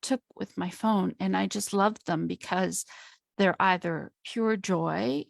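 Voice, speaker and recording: Female host-coach, slow reflective delivery with a gravelly edge. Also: on the low side, no echo, studio quality. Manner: heartfelt, reflective, slow and thoughtful. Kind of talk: casual conversation.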